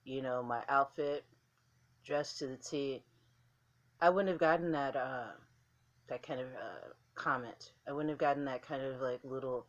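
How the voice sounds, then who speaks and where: A woman's voice: very deep voice, a little slow, muffled recording. A woman vlogger talking casually to camera in a blunt, candid way, swearing freely.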